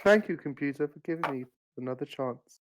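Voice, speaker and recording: A tabletop player talks in a mock-dramatic, teasing way, playing up grievances to the table. The voice sits at an ordinary middle pitch. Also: a little fast, noisy background. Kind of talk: tabletop game play.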